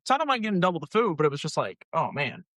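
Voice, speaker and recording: A young man on a podcast tells stories with animated, teasing energy. His voice sits a bit high for a man. The sound is close and dry. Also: racing, no room sound. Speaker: podcast co-host. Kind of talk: casual chat.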